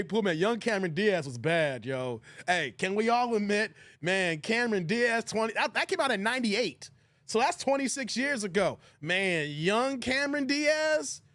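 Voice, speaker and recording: A man's voice: high voice, no echo. A man hosting a casual live stream, laughing often, thanking viewers and quoting movie lines. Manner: laughs often, shouts out chat donors, quotes movie lines.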